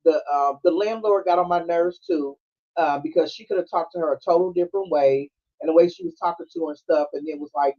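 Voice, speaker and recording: This podcast host has a high voice and a brisk delivery as he casually goes through a film scene after scene, with a Black flavor. Expect acted-out character lines and lots of laughter, captured in dull, lo-fi streaming sound.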